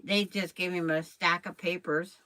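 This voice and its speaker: A woman's voice: lowish voice, steady tone, moderate pace, pushed and bright, dry recording, poor audio. An older woman hosting a quilting stream, chatting casually and rambling while she sews and talks to viewers by name. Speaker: quilting channel host. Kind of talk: casual chat while sewing on a live stream.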